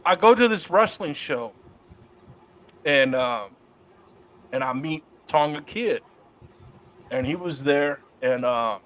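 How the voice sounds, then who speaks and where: A middle-aged man telling wrestling stories in a casual interview, profane and lively. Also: fairly high pitch, takes it slowly, pauses often, a little hiss or hum. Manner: profane, animated storyteller doing voices of others in quotes. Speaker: guest, wrestler.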